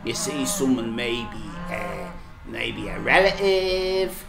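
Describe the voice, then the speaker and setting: A man's voice: medium pitch, expressive, slow, vocal fry, echoey room, music in the background. An Irish man bantering on a live stream, rambling and teasing in local slang.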